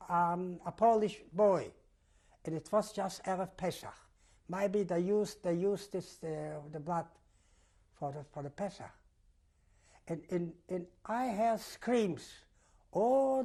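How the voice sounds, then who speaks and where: Older man with a husky voice, halting retelling. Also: sits high, darkish tone. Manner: halting, repeats words, non-native English; vivid retelling. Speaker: testimony giver. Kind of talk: oral history testimony.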